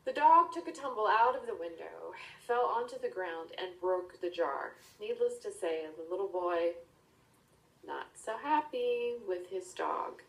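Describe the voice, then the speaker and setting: A woman's voice: mid-range voice, expressive, unhurried, gravelly, a bit bright. Woman telling a story from afar. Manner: chatty, dropping into whispered asides. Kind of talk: casual storytelling. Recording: roomy, distant mic.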